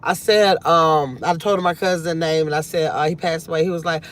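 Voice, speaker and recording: A woman's voice: sits low, fairly even intonation, fairly quick. A middle-aged grandmother hosting a casual live chat from her car, rambling and reflective as she reads viewer comments aloud. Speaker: livestream host.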